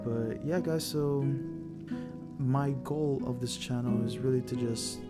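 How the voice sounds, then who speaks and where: A man's voice: medium pitch, fairly even intonation, takes it slowly, over loud music. Rambling, profane young man from Texas. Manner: rambling, profane, self-mocking. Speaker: vlogger. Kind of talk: casual storytime.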